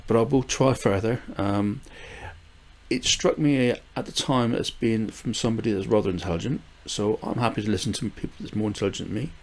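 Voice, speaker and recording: A man's voice: fairly low pitch, brisk. An older man from the UK rambling casually through a gardening vlog, with frequent fillers, restarts and small chuckles. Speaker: gardening vlogger.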